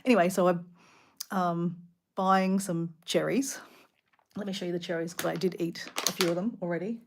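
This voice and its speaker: Chatty Australian woman, lowish voice. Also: moderate pace. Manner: chatty, animated, full of "like" and asides. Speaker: vlogger. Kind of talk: casual rambling storytelling. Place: hotel room.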